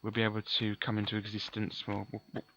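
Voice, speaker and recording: A man's voice: fairly low pitch, completely flat delivery, fast talker, sharp tone, a little hiss or hum, poor audio. A man giving chatty, offhand let's play commentary, often correcting himself. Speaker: gaming commentator.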